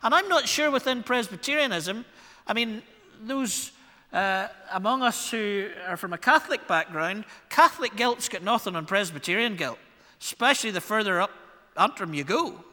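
A man's voice: high voice, animated, normal speed, sharp tone. A man with a Northern Irish accent preaching a sermon as the church's pastor, wry and self-deprecating, with shifting emphasis. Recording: long reverb of a church hall.

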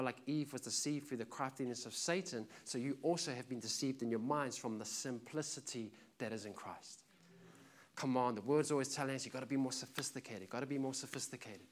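Passionate male preacher giving a sermon. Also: mid-range voice. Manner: passionate, emphatic, storytelling preacher.

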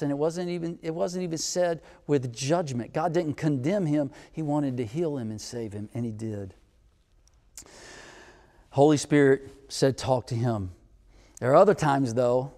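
A man's voice: medium pitch, long reverb tail. Man preaching with big dynamic swings. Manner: storytelling, swings from hushed to loud. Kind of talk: sermon with personal stories.

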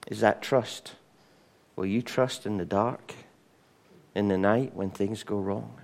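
A middle-aged man preaching a sermon, animated, acting out voices and singing. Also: fairly low pitch, slow, gravelly. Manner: animated, acts out voices, sings hymn lines.

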